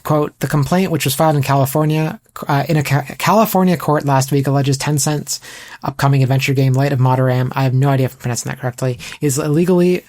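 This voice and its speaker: A man from Canada hosting a casual podcast, reading news quotes aloud with quick asides. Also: medium pitch, steady tone, darkish tone. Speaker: podcast host.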